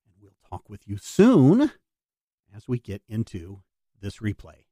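A man's voice: lowish voice, huge pitch swings, a little slow, mellow, dry recording, clean studio sound. A man hosting a podcast, talking enthusiastically about comics in a casual, rambling way. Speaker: podcast host.

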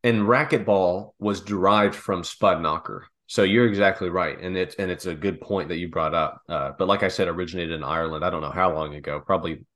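Man, low voice, casual rambling chat, spins long silly hypotheticals. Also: fairly quick, hardly any pauses, a bit bright. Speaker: podcast co-host.

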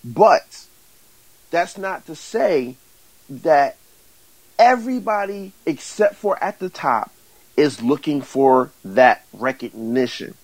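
Halting, then hyped-up male guest. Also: very animated, dry recording, rough recording. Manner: halting, many fillers and restarts, then builds to enthusiastic pitching. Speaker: music management company owner, guest. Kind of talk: casual interview answers.

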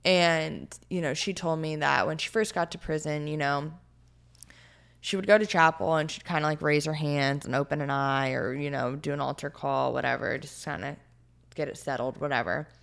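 Low-voiced woman in her twenties, earnest. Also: fairly even intonation, moderate pace, gravelly, fairly bright tone. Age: 20s. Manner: earnest, heartfelt, full of "like" and "you know". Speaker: podcast guest. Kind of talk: storytelling in a casual interview.

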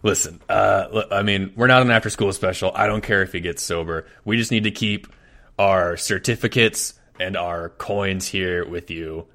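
A man taking part in a tabletop game with friends, talking bluntly and jokingly in a casual, thinking-aloud way. His voice sits very low. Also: moderate pace, pushed and bright. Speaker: player.

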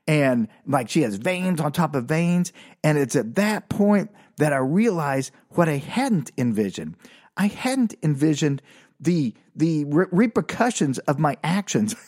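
An older man telling a self-mocking comedic story about his childhood, animated and full of sound effects. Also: a little high.

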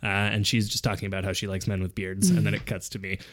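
A man's voice: lowish voice, fast. Young man telling a story, laughing. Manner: animated retelling with laughter. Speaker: podcast host. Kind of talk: casual storytelling.

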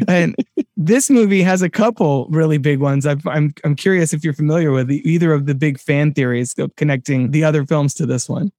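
A man co-hosting a casual film podcast, talking in an animated way with many restarts and sudden bursts of excitement. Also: fairly high pitch, normal speed, no room sound, clean studio sound. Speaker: podcast co-host.

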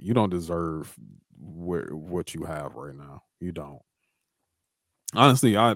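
Ranting low-voiced man, dry sound. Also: no room sound. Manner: ranting, swears heavily, repeats himself. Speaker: podcast co-host. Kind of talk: casual profane chat.

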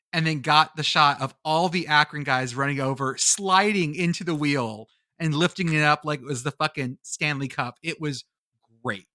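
Bright, excitable podcast co-host man. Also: on the high side, dry recording, studio quality. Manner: excitable and profane. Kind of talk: casual sports podcast chat.

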